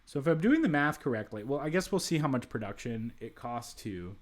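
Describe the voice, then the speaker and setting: A man's voice: medium pitch, animated, brisk. A man giving casual let's-play commentary while playing a strategy game, thinking aloud with frequent restarts and asides.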